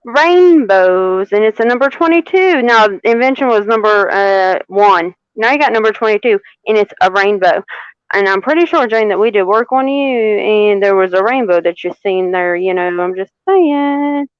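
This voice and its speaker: A woman giving a live tarot reading, unhurried and repeating phrases for emphasis. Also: mid-range voice, expressive, smooth, no room sound, highs cut off. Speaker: tarot reader.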